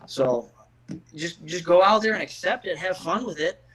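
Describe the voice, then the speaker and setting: Blunt, profane man, slightly high voice. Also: animated, moderate pace, a bit bright, slight background noise, poor audio. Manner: blunt, profane, repeats words when starting sentences. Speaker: guest, MMA fighter. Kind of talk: casual podcast chat.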